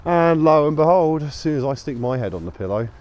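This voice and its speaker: Walking his dog outdoors on a local street at dusk, a tired man rambles easygoingly, leaning on lots of fillers. His voice sits on the high side, a little mellow, fairly quick and lively in intonation, recorded on a small action camera.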